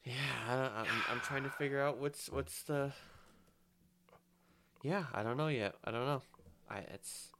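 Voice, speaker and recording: A man's voice: medium pitch, moderate pace, long pauses, very noisy. A man co-hosting a podcast in casual chat, hesitant and laid-back. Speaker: podcast co-host.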